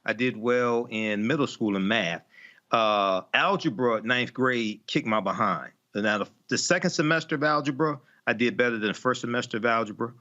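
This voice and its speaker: A man's voice: mid-range voice, normal speed, bright, forceful tone, highs cut off. A male panelist defending himself with flustered, stammering restarts.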